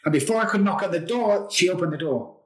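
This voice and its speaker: A man's voice: high voice, animated, fast, fairly bright tone. A man, a guest telling his own recovery story in an earnest, confessional way and repeating phrases for emphasis. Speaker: guest, addiction recovery expert. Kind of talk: emotional personal storytelling. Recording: roomy echo.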